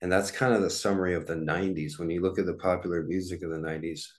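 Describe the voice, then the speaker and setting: Forties guy doing a solo podcast, real low voice, rambly, lots of uhs and restarts. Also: fairly even intonation, quick pace. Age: 40s. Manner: rambling, with many fillers and restarts. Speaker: podcast host. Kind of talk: casual solo podcast monologue.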